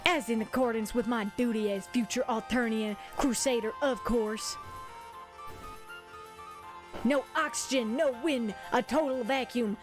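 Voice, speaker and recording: A chipper little alien tinkerer in goggles, as a woman puts him on with a high, folksy put-on accent. He exclaims in old-fashioned phrases, grand and hearty, with faint music playing behind. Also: unhurried, lightly acted. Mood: grandiose. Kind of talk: reading a visual novel aloud with voices.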